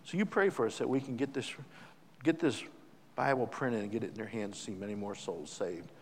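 Folksy preacher, reverberant hall. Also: male voice, on the low side, fairly quick. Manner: folksy, joking, emphatic with sudden loud rises. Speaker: visiting missionary preacher. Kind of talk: sermon. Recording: long church-hall reverb.

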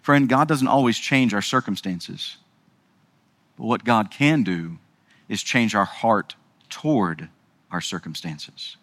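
A man's voice: lowish voice, expressive, slow pace, pauses often, a bit bright. A male pastor preaching a sermon emphatically, speaking directly to his congregation.

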